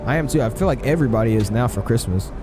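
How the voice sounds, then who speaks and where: A man's voice: medium pitch, lively intonation, very fast, music in the background. A man live-streaming a flight simulator, chatting casually, answering his chat with lots of fillers.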